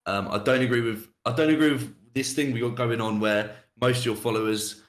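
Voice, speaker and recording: A man's voice: mid-range voice, steady tone, a little fast. A young man hosting a podcast, talking bluntly and casually, swearing and laughing often. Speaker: podcast host. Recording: roomy echo.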